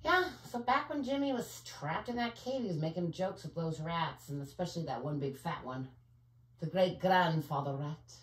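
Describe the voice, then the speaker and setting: A woman's voice: on the low side, animated, moderate pace, roomy sound. A woman talking to camera in a rambling, digressive monologue, often searching for words and filling with "you know.". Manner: conspiratorial, speaks in asides. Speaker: vlogger.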